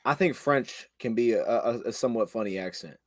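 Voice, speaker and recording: A man co-hosting a sports podcast in casual chat, talking in an animated way, laughing often and restarting his phrases. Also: medium pitch, a little fast, no echo, studio quality.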